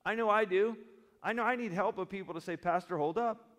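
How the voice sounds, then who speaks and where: Man, pastor, sermon, slightly high voice, long church reverb, loud emphasis then quiet reflection. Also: quick pace. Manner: humorous asides. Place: church sanctuary.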